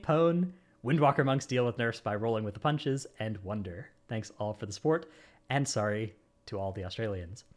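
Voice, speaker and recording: A podcast host with a mid-range, fairly bright voice runs a casual gaming show. He reads out lists of supporter names, weaving in running jokes.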